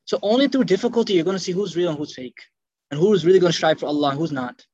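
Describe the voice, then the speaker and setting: A man giving an animated sermon, telling stories and acting out the people in them. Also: sits high, fast, dry recording, dull audio. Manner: animated, acts out quotes in dropped voices. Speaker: Islamic lecturer. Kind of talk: lively sermon storytelling.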